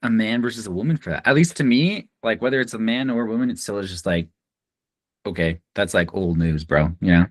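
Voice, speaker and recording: A man's voice: on the low side, dry recording. Man hosting a casual video-call chat. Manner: brisk emcee, moving the panel along. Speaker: podcast host.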